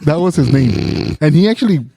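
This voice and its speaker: A man's voice: a little high, animated, moderate pace, warm tone, husky, no echo. A man co-hosting a podcast, teasing his friend in casual banter. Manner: teasing, joking. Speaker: podcast co-host.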